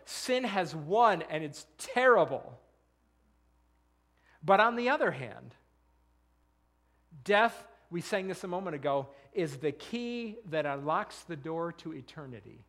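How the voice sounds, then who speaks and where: A man's voice: sits high, a bit bright. A middle-aged man, a pastor, preaching a sermon, earnestly reading scripture and asking the congregation rhetorical questions.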